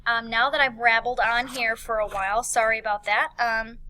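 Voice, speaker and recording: Bright-voiced woman teacher explaining a poem. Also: on the high side, level tone, moderate pace, rough recording. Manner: explanatory, with many fillers and restarts. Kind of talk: recorded classroom lesson.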